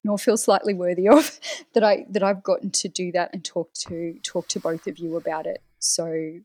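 A woman's voice: on the low side, little pitch movement, moderate pace, a little mellow, dry recording, low-quality recording. A woman guest in a casual podcast chat, teary and talking in a heartfelt, rambling way.

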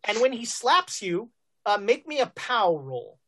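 A woman's voice: a little high, sing-song, measured pace, fairly bright tone. A woman narrating as game master of a tabletop game, loose and chatty, with frequent fillers and restarts. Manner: loose and chatty, many fillers and self-corrections.

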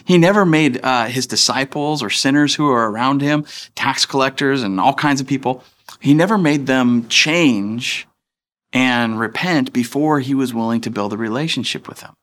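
A man's voice: mid-range voice, normal speed, fairly bright tone. A man in his thirties preaching a sermon as pastor, in a casual, chatty way that acts out the people he quotes.

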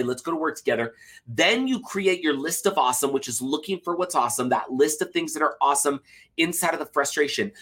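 A man with a slightly higher voice co-hosts a casual podcast. He speaks earnestly and lays out a method step by step for listeners. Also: fairly bright tone. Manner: earnest, explains steps of a method. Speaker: podcast co-host. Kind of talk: casual podcast conversation and explaining.

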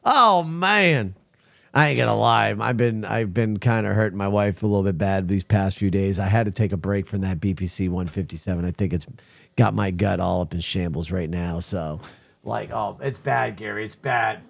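A man hosting a crude comedy podcast, telling stories loudly with lively put-on quotes. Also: deep voice, fairly quick, gravelly, no room sound. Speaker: podcast host.

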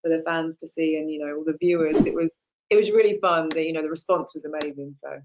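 A woman's voice: low voice, fairly even intonation, fast, a little mellow, slight background noise, low-quality recording. A woman, an actress guest chatting enthusiastically in an interview. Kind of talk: casual interview chat.

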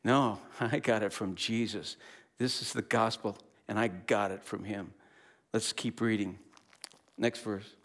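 A man preaching a sermon, telling the story in an animated, playful way with casual asides. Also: lowish voice, unhurried. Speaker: pastor.

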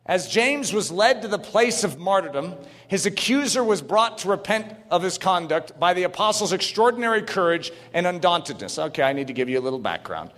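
Guy preaching a sermon, highish voice, gets shouty and fervent, long echo from a big hall. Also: very animated, a little fast, hardly any pauses. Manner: reads quotes aloud, adds asides.

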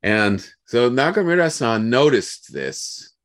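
A young American man telling a work story in a casual, animated way, acting out the people he quotes. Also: mid-range voice, takes it slowly. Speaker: guest.

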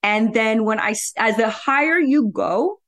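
A woman's voice: fairly high pitch, expressive, a little slow, a bit bright. A middle-aged woman talking bluntly and assertively in a casual interview, laughing often. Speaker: podcast guest, real estate investor.

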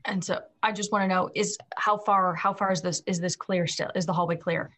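A woman playing a tabletop game on a stream, quick and playful, bossing her party along. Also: on the low side, fairly even intonation, a bit bright. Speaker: player. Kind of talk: casual tabletop play on a stream.

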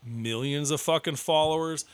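A man's voice: fairly high pitch, normal speed, smooth. A man co-hosting a casual podcast chat, ranting with constant swearing. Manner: profane, ranting, heavy swearing. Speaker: podcast co-host.

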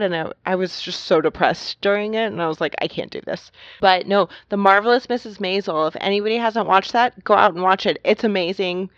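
A woman's voice: medium pitch, dry recording. A young woman co-hosting a podcast, chatting in a friendly way and laughing easily. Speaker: podcast co-host. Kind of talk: casual chat. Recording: dry, dull lo-fi sound.

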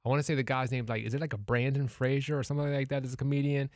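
Podcast guy hyped up retelling a bit, cussing and laughing, mid pitch, dry close sound. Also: very fast, dry recording. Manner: animated storyteller, swears freely, laughs through the telling. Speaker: podcast co-host. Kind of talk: casual chat, retelling a comedy bit.

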